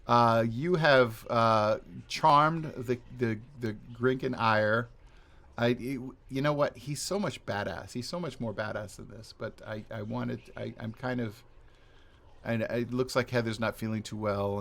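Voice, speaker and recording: A man's voice: mid-range voice, vocal fry, fairly bright tone. A man running a tabletop game as dungeon master, talking casually and correcting himself as he goes. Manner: rambling, casual, self-correcting.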